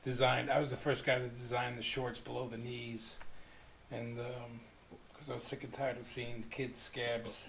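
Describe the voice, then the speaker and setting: A man, a street artist guest on a radio talk show, chatting casually and rambling with many fillers, getting animated when telling stories. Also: medium pitch, normal speed, vocal fry. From United States. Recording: roomy, distant mic, faint hum.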